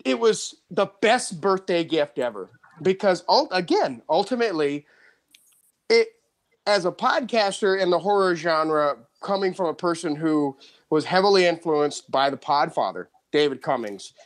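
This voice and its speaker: A man hosting a podcast, telling a story in casual chat, excited, with frequent restarts and laughs. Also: fairly high pitch, normal speed. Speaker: podcast host.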